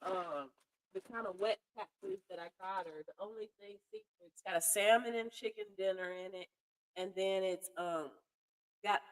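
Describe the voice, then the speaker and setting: A woman's voice: mid-range voice, fairly bright tone, poor audio. A woman vlogging casually at home, chatting to her cat and the camera with offhand swearing.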